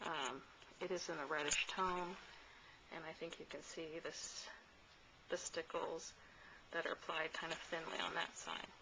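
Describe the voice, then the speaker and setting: A woman giving a casual craft tutorial, chatty and relaxed, with many pauses and fillers as she works. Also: low voice, noisy background. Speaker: crafter demonstrating a mini album.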